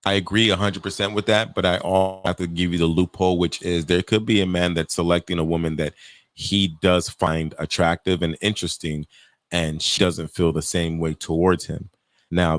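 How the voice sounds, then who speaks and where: A man's voice: low-pitched, no echo. A man hosting a casual podcast chat, telling stories animatedly and acting out quotes with laughter. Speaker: podcast host.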